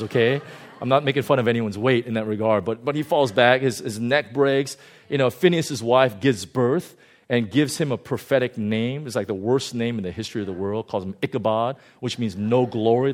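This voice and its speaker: A male pastor giving a conversational sermon, animated and often chuckling. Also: mid-range voice, brisk.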